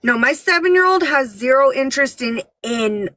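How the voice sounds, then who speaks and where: A woman's voice: sits high, normal speed, a little hiss or hum. A woman in her thirties, a parent, chatting casually and acting out quotes as she tells stories. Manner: animated storyteller who acts out quotes. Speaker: parent telling stories on a podcast. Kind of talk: casual chat.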